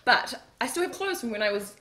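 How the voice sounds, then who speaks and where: A woman's voice: fairly high pitch, sing-song, a little fast, a crowd in the background. A woman co-hosting a casual chat show, joking about herself. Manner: self-deprecating, joking. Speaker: co-host.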